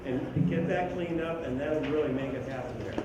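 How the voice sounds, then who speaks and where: Male school band director, brisk coaching, heard from across a big echoey room with steady noise. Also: a little high, highs cut off. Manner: brisk, coaching, sings rhythms on syllables. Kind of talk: band rehearsal instruction. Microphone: distant room mic. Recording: echoey, distant, noisy room recording.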